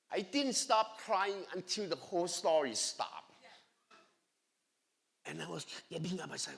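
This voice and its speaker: A man giving an excited, emphatic personal testimony at church, speaking in broken grammar. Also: on the high side, unhurried, creaky. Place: church sanctuary. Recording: long echoey church hall reverb.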